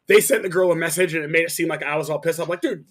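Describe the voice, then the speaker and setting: A man with a notably high speaking voice, chatting casually on a podcast. He tells a story in an animated, profane way and slips into quoted voices as he goes. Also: racing. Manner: animated, swearing, acts out quotes. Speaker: podcast co-host, bass player.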